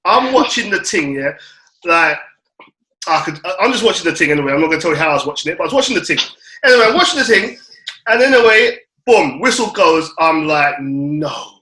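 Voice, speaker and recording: A young man tells a football story on a fan panel. His voice is bright and forceful, and it swings widely in pitch. He is excitable and slangy, and he acts out his own reactions in a roomy studio with a clear echo. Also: fairly quick. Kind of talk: animated storytelling chat.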